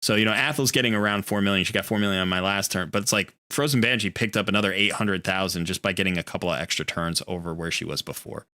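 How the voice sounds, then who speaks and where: A man's voice: sits low, fast talker, few pauses, pushed and bright. A man streaming a video game live, talking casually in a rambling, easygoing way and often correcting himself.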